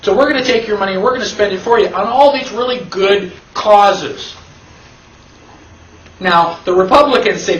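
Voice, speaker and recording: An emphatic man with a fairly high voice teaches a classroom lecture and keeps throwing rhetorical questions at his listeners. The sound is roomy and echoey. The mic sits at some distance from him. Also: moderate pace, fairly bright tone, dull audio, slight background noise. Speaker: constitution class instructor. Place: classroom with an audience.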